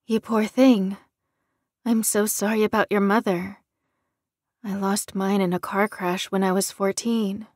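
A woman's voice: a little high, a little slow, hardly any pauses, darkish tone, no room sound, clean studio sound, pitched above the performer's own voice. A woman voicing a brash, protective female prisoner who speaks up emphatically in an audiobook. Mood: sympathetic.

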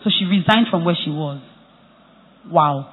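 A high-pitched man with a Nigerian accent delivers a motivational talk, stressing his points by repeating them in lively stories. His voice is slightly husky. The recording sounds thin and phone-like, with a long echo from a large hall. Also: measured pace. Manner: animated storytelling, repeats phrases for emphasis. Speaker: conference speaker.

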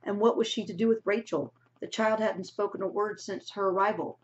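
A woman teacher reading a novel aloud to her class in a steady narrating voice, on a dull lo-fi recording. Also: medium pitch, brisk.

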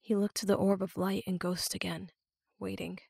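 A woman reading a fantasy novel aloud as an audiobook narrator, measured and hushed in tense moments. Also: medium pitch, level tone, vocal fry, slightly rough, dry recording, studio quality. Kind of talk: scripted narration.

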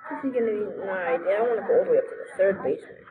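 A young woman giving excitable, giggly commentary while playing a video game. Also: mid-range voice, narrow, tinny audio, over music. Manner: giggly, excitable, quick outbursts. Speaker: gamer. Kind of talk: let's play commentary.

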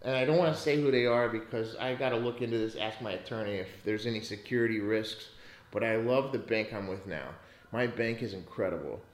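An American man hosts a laid-back money podcast, his mid-range voice echoing around the room. He's blunt and profane, ranting in bursts with plenty of swearing.

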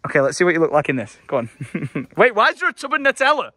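An English vlogger and host chats casually from inside a car stuck in traffic. His voice is high, lively and fast, with no room sound, and he jokes and teases throughout.

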